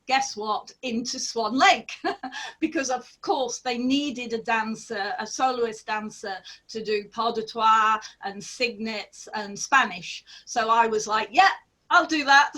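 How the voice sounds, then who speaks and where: A middle-aged woman, a former ballet dancer, telling animated anecdotes on a video call with laughter and fillers. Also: fairly high pitch. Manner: lively, laughing storyteller with many fillers.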